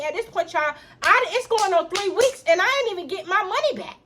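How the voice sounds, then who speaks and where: A young woman telling a personal story straight to camera in an animated, profane way, talking to her viewers as y'all. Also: extremely high pitch, a little fast, hardly any pauses, slight background noise. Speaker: storytime vlogger. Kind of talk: casual storytime vlog.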